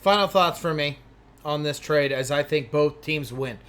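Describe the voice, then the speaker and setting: A man's voice: fairly high pitch, moderate pace, fairly bright tone. A man co-hosting a sports talk show, reading out viewer comments and chatting casually. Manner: reads comments, chatty and agreeable.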